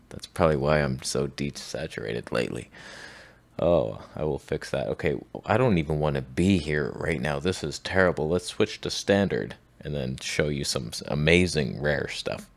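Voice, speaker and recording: A man narrating his wildlife walks in a casual, joking way, deadpan and absurd, breaking into squeaky excited outbursts. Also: vocal fry. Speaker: wildlife video creator. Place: outdoors on nature walks.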